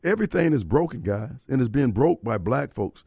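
Talk radio host, male, gravelly voice, blunt, emphatic, dry studio sound. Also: mid-range voice, very animated, normal speed, a little mellow, no echo. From Mississippi.

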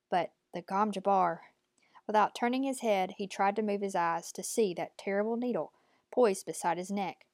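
A woman narrating an audiobook in a measured, tense storytelling manner. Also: mid-range voice, dry recording.

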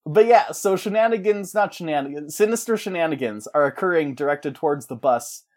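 A man in casual chat, pitching a story in a rambling, jokey way and slipping into character voices. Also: animated, brisk, darkish tone.

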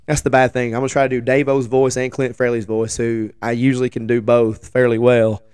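A man in his forties with a hoarse voice after the flu, telling a rambling, joking story as a show host. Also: medium pitch, little pitch movement, brisk, darkish tone, dry recording. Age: 40s. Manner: rambling, self-deprecating, joking asides. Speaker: podcast host. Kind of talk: casual storytelling chat.

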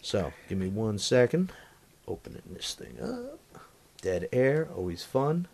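A man's voice: medium pitch, huge pitch swings, a little slow, gravelly, a little mellow, breathy edge. A man hosting a comedy podcast, chatting loosely and crudely with his co-hosts. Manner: loose, profane, laughing. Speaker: podcast host.

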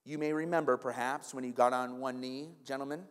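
A man in his forties preaching a conversational, animated sermon to his congregation. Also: mid-range voice, a little fast, clear, resonant tone. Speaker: pastor. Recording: long reverb of a large hall.

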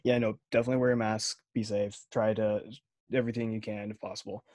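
A young man co-hosting a podcast in casual chat, laid-back and joking, trailing off softly. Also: fairly low pitch, level tone, quick pace, no room sound. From Chinese descent, speaks Mandarin. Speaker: podcast co-host.

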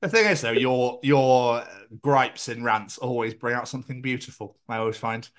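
A man's voice: medium pitch, moderate pace. A man co-hosting a podcast in casual chat, playful and teasing, often slipping into mock-posh voices. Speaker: podcast co-host.

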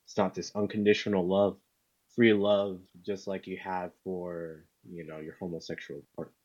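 A man co-hosting a podcast in casual chat, talking haltingly and repeating words. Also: low voice, little pitch movement, a little mellow, highs cut off. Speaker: podcast co-host.

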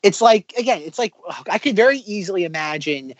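A man co-hosting a casual podcast, rambling with many fillers and breaking into animated impressions as he critiques sketches. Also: high voice, a little fast, no echo, highs cut off. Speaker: podcast co-host.

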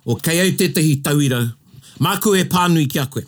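A man from New Zealand with a New Zealand accent, co-hosting a casual bilingual chat in a playful, animated way. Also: on the high side, fast talker. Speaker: co-host.

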